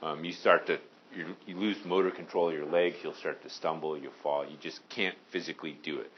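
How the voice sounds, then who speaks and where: A man from Maine teaching a high school science class, casual and joking with his students. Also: muffled recording, slight background noise. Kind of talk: classroom lecture.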